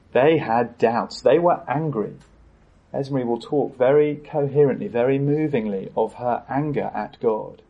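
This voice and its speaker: A man preaches a sermon from the pulpit, earnest and unhurried. His voice is husky and slightly breathy, and his speech halts often on little fillers as he gathers his thoughts. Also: medium pitch, a little mellow, poor audio. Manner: earnest, halting with frequent fillers. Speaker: pastor.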